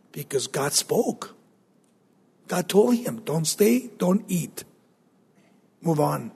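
A man's voice: sits high, slightly rough, in a large hall. A man teaching from the Bible, reading verses aloud and breaking off to comment with emphatic proclamation. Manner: reads scripture aloud then comments, rising to emphatic proclamation. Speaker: preacher.

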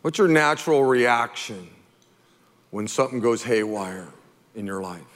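Preaching a sermon, a male pastor fires rhetorical questions at his congregation in an animated, emphatic style. His mid-range voice runs a little slow, trailing a long reverb tail.

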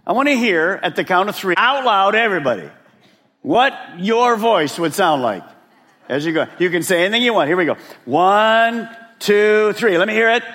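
Male pastor, fairly high voice, lively and swooping delivery, big echoing sanctuary. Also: moderate pace. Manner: animated preaching, drops to a hush for emphasis; addresses the congregation directly. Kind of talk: sermon. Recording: long reverb of a large hall.

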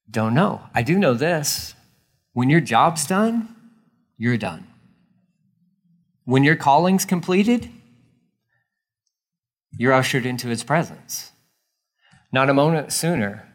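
A man in his forties preaching a sermon in a lively, conversational way, with sudden jumps in pitch and loudness. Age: 40s. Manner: animated, conversational preaching with acted-out quotes. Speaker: pastor.

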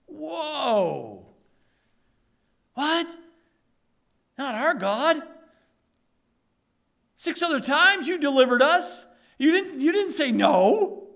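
A man preaching a sermon in an animated, emphatic way, full of rhetorical questions. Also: very high voice, extremely slow, vocal fry, pauses often.

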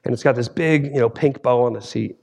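A man in his forties, a theology professor preaching a sermon as guest speaker, telling stories in a lively way and acting out scenes. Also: mid-range voice, fairly quick, gravelly, breathy edge. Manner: lively storytelling, acts out scenes.

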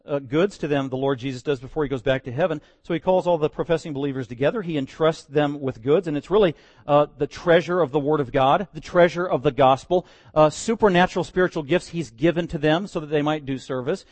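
A man preaching a sermon as pastor, swinging between loud, emphatic declarations and quiet, earnest asides. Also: on the high side, no echo. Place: church.

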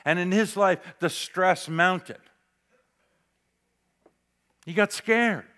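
Male pastor, sermon delivery, higher-pitched voice, dramatic dynamics from whisper-soft to emphatic. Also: extremely slow. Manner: dramatic, varies loudness, drops to near whisper for emphasis.

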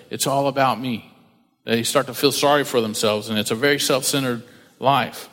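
A man's voice: a little high, a bit bright, long reverb tail. A man preaching a conversational church sermon, acting out the voices of the people he quotes. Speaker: pastor.

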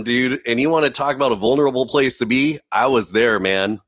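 A man's voice: medium pitch, fairly quick, few pauses, no echo, studio quality. A man telling his life story in a casual, earnest way, often calling his listener "dude.". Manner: earnest, animated, says "dude" a lot. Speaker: guest telling his testimony.

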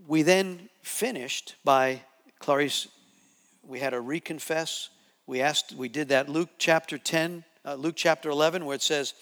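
Man preaching with animated storytelling. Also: fairly high pitch, vocal fry, in a large hall. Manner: animated, repetitive storytelling with restarts. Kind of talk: sermon testimony storytelling.

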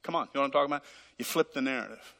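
A man's voice: mid-range voice, rapid-fire, creaky, bright, forceful tone. A man preaching a dramatic sermon as pastor, acting out conversations with God, recorded live in a church. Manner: dramatic, acts out dialogues with God. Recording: live hall reverb.

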